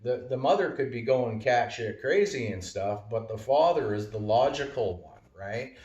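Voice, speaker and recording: A man's voice: medium pitch, animated, normal speed, a little mellow, lo-fi sound. A man giving a casual, rambling monologue full of fillers and wordplay. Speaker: vlogger. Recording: roomy, distant from mic.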